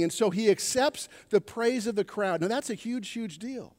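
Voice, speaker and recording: A man's voice: sits high, brisk, few pauses, a little mellow. A man preaching a sermon as pastor, calling out to his congregation for responses. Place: church sanctuary. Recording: long reverb of a church hall.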